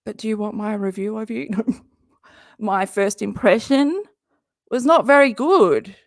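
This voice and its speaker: In clean, studio-quality audio with no room sound, a woman with a higher voice chats through a live stream reaction. She speaks at a measured pace, rambles, swears, laughs and interrupts herself.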